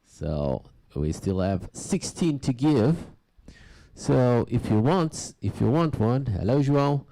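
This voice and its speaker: A man hosting a music radio and podcast show, chatting casually between tracks in a halting way, with plenty of fillers and restarts. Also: medium pitch, big pitch swings, warm tone. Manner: halting, loose talk with many fillers and restarts.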